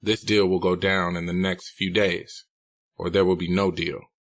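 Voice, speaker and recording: A man's voice: sits low, little pitch movement, normal speed, dry recording. A man reading a novel aloud, putting on the voice of a blunt drug supplier with a thick Spanish accent. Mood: commanding.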